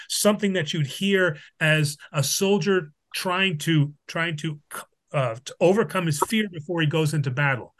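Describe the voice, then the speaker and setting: Guy teaching bible study, kinda high voice, stops and restarts a lot, keeps checking in with the class. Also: fairly bright tone. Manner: halting, frequent restarts and "all right?" check-ins; explains with Greek examples. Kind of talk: unscripted Bible lesson.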